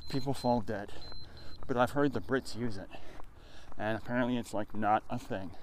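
A man's voice: mid-range voice, moderate pace, a little hiss or hum, rough recording. A man in his fifties hosting a running podcast, rambling casually with jokes and asides while his heart rate is up from exercise. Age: 50s. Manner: rambling, joking, conversational asides. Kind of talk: casual monologue.

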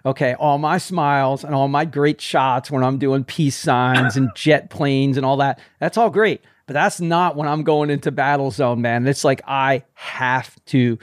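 An older man chatting casually as a running host, animated and swearing freely, calling people "man". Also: medium pitch, moderate pace, few pauses, no room sound, studio quality. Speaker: running coach and podcast host. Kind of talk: casual chat.

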